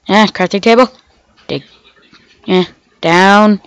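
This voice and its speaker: A woman's voice: medium pitch, slow, no echo, low-quality recording. A woman hosting a gaming channel, giving rambling casual commentary while she plays and talking to herself, sounding off because she is sick. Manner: rambling, chatty, talks to herself and the game animals.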